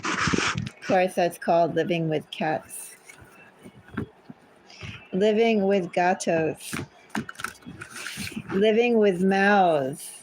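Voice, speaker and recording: A woman's voice: lowish voice, extremely slow, pauses often, darkish tone, a little hiss or hum, low-quality recording. A woman giving a casual tarot reading at home, chatty and easily sidetracked. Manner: chatty, easily sidetracked, talks to her cats. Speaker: tarot reader. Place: home with cats.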